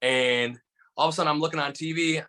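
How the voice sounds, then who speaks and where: Michigan comedian guy, bright sharp voice, rambling story full of "like"s. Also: fairly high pitch, steady tone, quick pace. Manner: rambling, many restarts and "like" fillers. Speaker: guest comedian. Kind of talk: casual storytelling chat.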